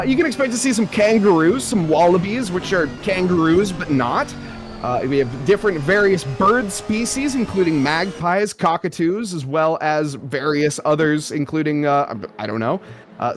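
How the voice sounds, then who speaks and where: A young man doing live sim racing commentary, rambling in a jokey, self-aware way. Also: high-pitched.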